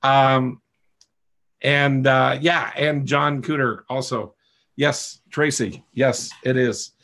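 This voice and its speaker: A man's voice: medium pitch, fairly even intonation, takes it slowly, fairly bright tone. A man coaching a live online class, explaining patiently and often checking in with his listeners, over a video call microphone. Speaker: coach teaching a webinar. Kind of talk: live online teaching session.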